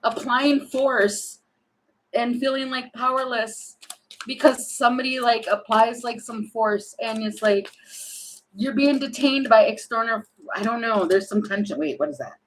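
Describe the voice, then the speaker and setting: A woman doing a casual tarot reading, thinking aloud and animated, with many fillers and restarts. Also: fairly high pitch, a little slow, a little hiss or hum, poor audio. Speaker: tarot reader.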